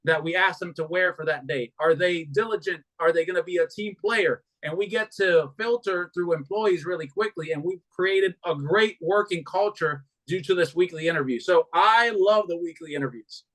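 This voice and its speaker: A man speaks on a business podcast in a plain, matter-of-fact way. His voice sits fairly high. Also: normal speed, hardly any pauses, fairly bright tone, low-quality recording.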